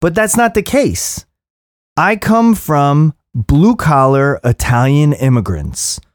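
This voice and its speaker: A man in his thirties with a somewhat high voice delivers a heated, profane rant. His pitch leaps and swoops with emphasis, and the recording is close and dry with no room sound. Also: expressive, slow, no echo. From Philadelphia area. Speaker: podcast host. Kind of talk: impassioned monologue.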